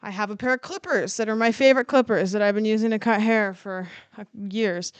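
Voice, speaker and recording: A woman's voice: mid-range voice, fairly quick, clean tone, no echo. A woman streamer chatting casually as she explains step by step, swearing now and then, speaking into a clip-on microphone at home. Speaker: streamer cutting hair on stream.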